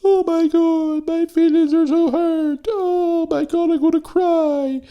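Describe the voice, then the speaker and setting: Squeaky whiny crybaby voice, drawn-out sobbing whine. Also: male voice, little pitch movement, mellow, heavily acted. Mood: mocking whine. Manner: mocking high falsetto whine. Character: whiny easily offended crybaby, shrill and sobbing.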